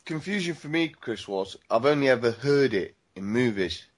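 A man's voice: medium pitch, animated, normal speed. A man, co-hosting a casual podcast chat, rambling and swearing freely. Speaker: podcast co-host.

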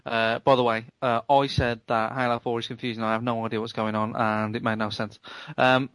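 A man's voice: mid-range voice, flat delivery, fairly quick, fairly bright tone, smooth, dry recording. A man co-hosting a gaming podcast, reading out a listener's email with wry asides. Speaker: podcast co-host.

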